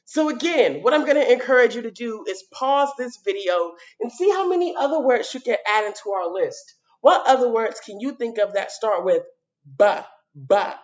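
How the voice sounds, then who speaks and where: A woman teaching a children's video lesson, sounding out letters and repeating words slowly at a whiteboard. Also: fairly high pitch, lively intonation, highs cut off.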